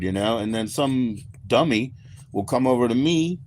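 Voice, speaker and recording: On a livestream, an American man from the United States chats loosely with viewers, rambling, relaxed, and swearing freely. His medium-pitched voice is animated yet a little mellow, at a measured pace, over a little hiss or hum.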